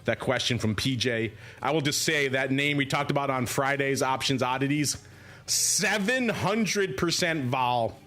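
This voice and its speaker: A middle-aged man hosting a podcast in casual banter, animated and digressive, often slipping into movie quotes. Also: medium pitch, measured pace. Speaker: podcast host.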